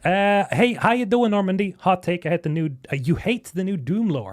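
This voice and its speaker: A young man from Sweden reacting to game trailers on a live stream, excitable and swearing, talking to chat. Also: sits high, normal speed, few pauses. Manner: excitable, swearing, chatting with viewers. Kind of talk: casual live-stream commentary.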